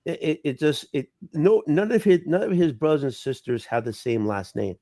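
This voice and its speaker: A man joining a casual stream chat, teasing and joking with quick interjections. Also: fairly high pitch, dark tone, no echo, studio quality.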